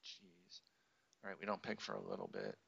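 A man's voice: low-pitched, sing-song, rapid-fire, vocal fry, a bit bright, dull audio, a little hiss or hum. A man co-hosting a podcast, chatting casually while drafting a fantasy team and breaking into frustrated, swearing outbursts. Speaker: podcast co-host. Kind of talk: casual chat during a live fantasy draft.

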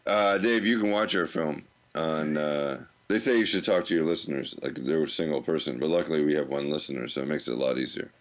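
A man with a very deep voice co-hosts a casual comedy podcast. He rambles through his points and drops his jokes in a dry, deadpan way. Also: fairly quick, hardly any pauses. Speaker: podcast co-host.

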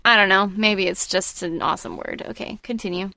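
A young adult woman co-hosting a casual podcast, bubbly and quick to laugh. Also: medium pitch, vocal fry, sharp tone, dry recording, studio quality. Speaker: podcast co-host.

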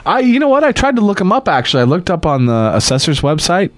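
A man tells a neighbor story in loose, profane casual chat, acting out every line of dialogue. His pitch swings widely as he talks, and the sound is close and dry with no room around it. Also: sing-song, quick pace, no echo. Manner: profane storytelling with acted quotes.

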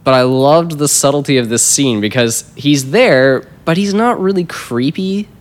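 Measured man giving thoughtful critique. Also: on the high side. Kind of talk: casual panel discussion.

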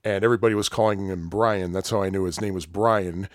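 A man's voice: sits low, quick pace, dry recording. Chatty male storyteller, mid-range voice, dry close recording. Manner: rambling and animated, with frequent laughs and acted-out quotes. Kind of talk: casual storytelling chat.

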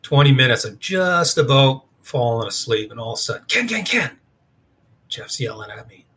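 Man, interview guest, casual rambling storyteller, bright forceful voice. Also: mid-range voice, lively intonation, a little fast. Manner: casual, rambling, with many fillers. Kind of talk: storytelling in conversation.

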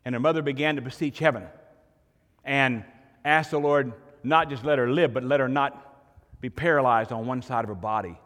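A man's voice: medium pitch, normal speed, fairly bright tone, in a large hall. A pastor giving a sermon to his congregation in a church, preaching earnestly and building to emphatic points. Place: church sanctuary.

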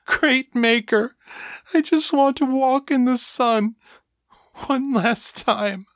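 A man voicing a broken, desperate young vampire woman who sobs and pleads in a high, strained voice. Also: slow pace, fairly bright tone, no echo, clean studio sound, full character voice. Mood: sobbing plea.

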